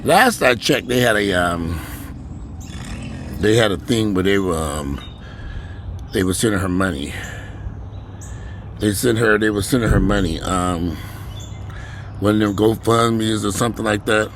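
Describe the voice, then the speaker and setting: A man ranting bluntly and profanely to his viewers from home, with sudden loud rises in a voice. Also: fairly low pitch, measured pace, long pauses, a little hiss or hum. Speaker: vlogger.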